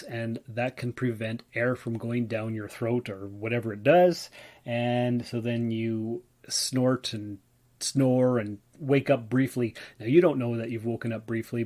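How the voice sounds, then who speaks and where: A man's voice: medium pitch, a little mellow. A man hosting a casual solo podcast, rambling and stumbling over his words as he tells a personal story. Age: adult, working mailman. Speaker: podcast host.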